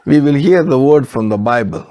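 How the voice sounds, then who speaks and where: An older man preaching a sermon, slow and emphatic, repeating key phrases and asking rhetorical questions. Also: mid-range voice, lively intonation, dark tone.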